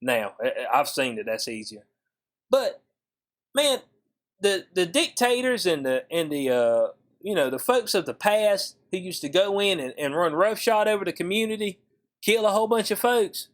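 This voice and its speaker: Animated slangy male commentator. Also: normal speed. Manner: animated, slangy, swings between high incredulous and low mutter. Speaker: YouTube commentator. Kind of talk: casual commentary vlog.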